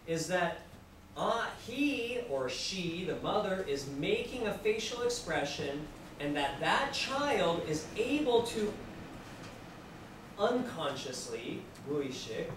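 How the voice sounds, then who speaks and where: Male lecturer, somewhat high voice, animated and repetitive, teaching language learners; recorded far off in a very echoey classroom with noise. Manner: animated, acts out examples and asks the class questions; speaks simply and repeats phrases for language learners. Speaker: university lecturer. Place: classroom with students.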